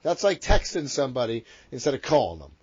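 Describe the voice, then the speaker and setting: A man co-hosting a wrestling podcast in casual, rambling, profane chat that gets excitable. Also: medium pitch, quick pace, husky, muffled recording. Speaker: podcast co-host.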